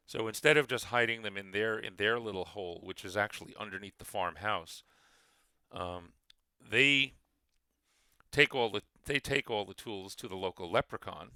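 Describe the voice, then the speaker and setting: Bright, gravelly game master explaining. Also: male voice, fairly low pitch, expressive, normal speed, dry recording. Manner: rambling, frequent restarts and fillers. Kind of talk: explaining adventure design.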